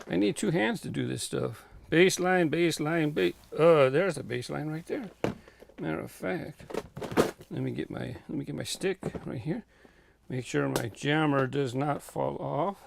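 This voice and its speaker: A man with a slightly high, gravelly voice talks casually as he wanders his home warehouse, pausing often with fillers as he thinks aloud. He rambles from shelf to shelf, a little short of breath. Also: noisy background. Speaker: toy car collector vlogger. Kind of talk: casual walk-through vlog.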